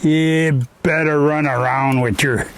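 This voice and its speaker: A man's voice: fairly high pitch, steady tone, slow pace, creaky, slight background noise. A Canadian man chatting casually in his woodshed as he stacks firewood, rambling in a folksy way and tagging "eh?" onto his sentences. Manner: rambling, folksy, ends phrases with "eh?". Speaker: vlogger.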